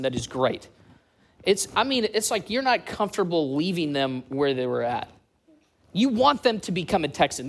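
A man in his late thirties, a church community director from the US East Coast, telling stories and bantering with a church crowd. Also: high voice. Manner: lively storytelling with crowd banter.

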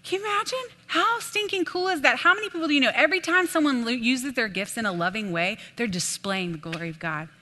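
A young adult woman preaching an animated, folksy sermon in a church, addressing the room as "y'all". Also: high-pitched, quick pace, hardly any pauses. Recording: long hall reverb.

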